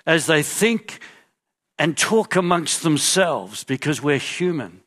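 A man preaching a sermon, telling a story vividly and dropping into quiet asides as he acts out the crowd. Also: on the high side, animated, slow. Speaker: pastor.

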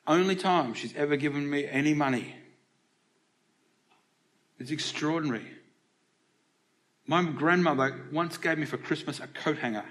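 A middle-aged man with an Australian accent preaches in church, his voice sitting a little high for a man. He keeps it conversational, throwing questions out to the congregation as he goes. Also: normal speed, pauses often, fairly bright tone. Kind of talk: sermon.

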